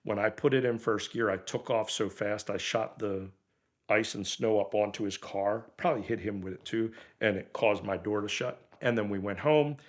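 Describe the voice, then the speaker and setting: A middle-aged man casually telling a story about his car, lively and acting out what others said. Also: lowish voice, moderate pace. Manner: animated, acts out others' lines in quoted voices.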